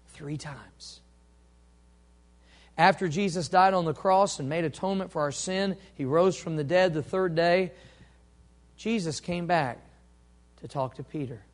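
A man preaching a sermon, moving between quiet storytelling and loud, impassioned delivery. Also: a little high. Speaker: pastor.

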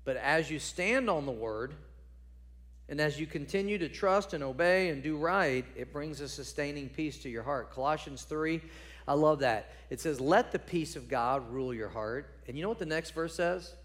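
Emphatic preacher man, rising and falling. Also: normal speed. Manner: emphatic, building to loud peaks when quoting scripture; drops to low quiet tones on key points. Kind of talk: sermon.

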